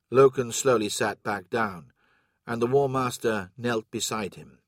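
A man narrating an audiobook in a steady, even storytelling manner. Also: medium pitch, measured pace, no echo, clean studio sound. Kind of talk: scripted narration.

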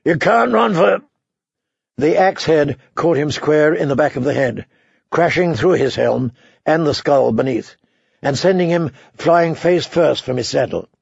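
A man narrating an audiobook in a measured, dramatic way. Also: on the high side, vocal fry, darkish tone, husky, no echo, lo-fi sound. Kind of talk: scripted narration.

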